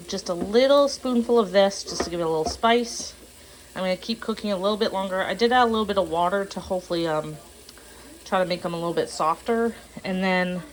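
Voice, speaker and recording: A woman's voice: medium pitch, a little hiss or hum. A young woman vlogging casually to a handheld camera, talking in a chatty, rambling way full of fillers. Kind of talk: casual vlog talk to camera. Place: kitchen and parked car.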